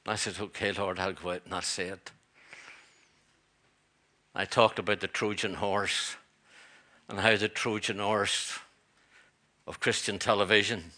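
Forceful pastor preaching. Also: male voice, on the low side. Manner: earnest preaching with asides and rhetorical repeats. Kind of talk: sermon. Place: church.

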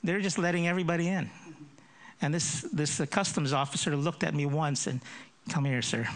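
A man's voice: fairly high pitch, fairly quick. A man in his fifties with a Filipino accent shaped by growing up in America, an associate pastor leading prayer and telling jokes about himself from the pulpit. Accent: Filipino with American influence. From Philippines. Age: 50s. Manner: self-deprecating jokes, repeats words when starting. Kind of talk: sermon with prayer and humorous introduction.

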